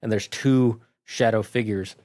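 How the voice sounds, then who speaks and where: A man reviewing a movie, casually retelling its plot in a rambling, animated way. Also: lowish voice, unhurried.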